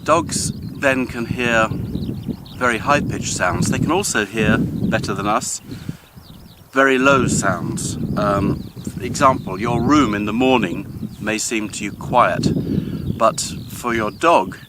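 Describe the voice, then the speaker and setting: An older man hosting a vlog, talking in a thoughtful, measured way with frequent pauses as he walks outdoors in the countryside. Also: medium pitch, very noisy. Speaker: vlog host. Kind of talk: casual explanatory talk on a walk, with a poem reading.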